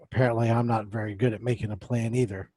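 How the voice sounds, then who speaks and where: A man voicing a gruff, sulky young woman rogue in a tabletop game, snapping back sarcastically. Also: lowish voice, steady tone, fast talker, warm tone, dry recording, close to an everyday voice. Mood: wry.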